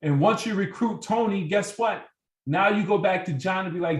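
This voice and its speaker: A man's voice: sits high, moderate pace, reverberant, recorded from a distance, rough recording. A man leading a sales team training, coaching with energy and acting out sample phone calls. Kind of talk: motivational training talk.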